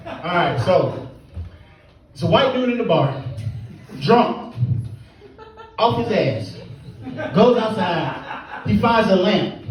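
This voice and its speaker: A man doing a stand-up comedy set in a small comedy club, telling stories with animated energy and acting out the people in them. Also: high-pitched. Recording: echoey club from far off, crowd. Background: audience laughing.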